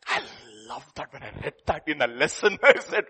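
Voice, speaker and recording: A man preaching a sermon, telling a children's story in a playful, animated way and laughing as he goes. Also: a little high, brisk.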